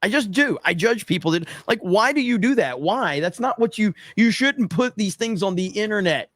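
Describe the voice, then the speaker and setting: Male streamer reading super chats, joking and fed up, raised pitch, dry mic. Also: lively intonation, normal speed, fairly bright tone, no room sound. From United States. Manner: profane, exasperated, joking. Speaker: livestream host. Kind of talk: casual livestream chat reading super chats.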